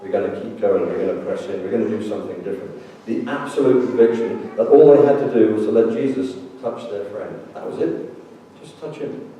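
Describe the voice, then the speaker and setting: A jovial priest delivers a sermon full of jokes and storytelling, his somewhat low voice carrying through a very echoey church. He sits back from the microphone, and noticeable background noise hangs under his words. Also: a little fast, few pauses, warm tone, far from the mic. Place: church sanctuary.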